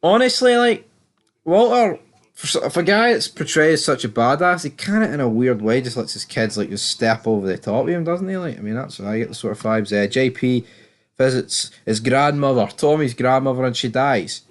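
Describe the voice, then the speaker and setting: A man's voice: mid-range voice, animated, a little fast. A British man giving a casual, rambling and opinionated recap of a TV episode, swearing freely as he goes. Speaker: TV series reviewer.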